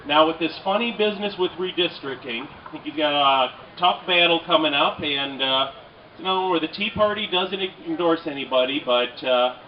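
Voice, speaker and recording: A man acting as emcee at an outdoor rally, introducing the next speaker in a halting way with many fillers. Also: a little high, a little hiss or hum. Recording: distant, dull lo-fi outdoor recording.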